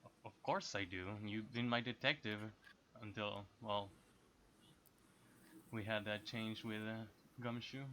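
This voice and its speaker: A man's voice: lowish voice, fairly even intonation, pushed and bright, a little hiss or hum. Man playing awkward stiff prosecutor Edgeworth. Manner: halting, awkward, narrates own actions. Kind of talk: voicing a character in a tabletop game.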